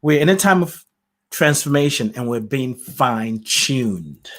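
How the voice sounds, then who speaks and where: A male podcast host talks alone into his own mic, sharing spiritual thoughts in a loose, casual monologue. He muses aloud, laughs often, and sometimes loses his thread before finding it again. His voice sits at a middle pitch. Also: lively intonation, unhurried, fairly bright tone. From lives in the UK. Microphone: solo podcast mic, self-produced.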